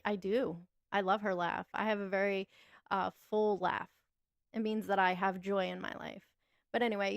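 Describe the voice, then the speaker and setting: A woman co-hosts a livestream, chatting loosely, laughing a lot and replying to comments from viewers. Her voice has a gravelly rasp and sounds close and dry. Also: mid-range voice, no room sound. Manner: chatty, laughs often, reads and answers chat. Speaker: livestream co-host. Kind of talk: casual livestream talk.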